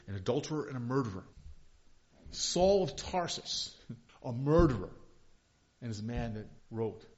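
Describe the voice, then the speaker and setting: A male pastor preaching a sermon, impassioned, swinging from hushed confession to loud emphasis. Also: medium pitch. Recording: dull lo-fi recording.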